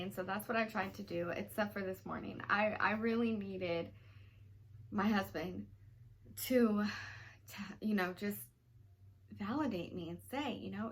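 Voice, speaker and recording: A woman's voice: mid-range voice, moderate pace, fairly bright tone, slight background noise. A young woman vlogger telling a personal story in a rambling, emotional way, full of "you know" fillers. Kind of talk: storytime vlog.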